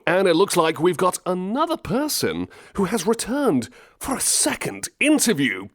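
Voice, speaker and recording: A man's voice: a little high, a bit bright, no echo, studio quality. A man hosting an interview, upbeat and friendly with scripted introductions. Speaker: interview host.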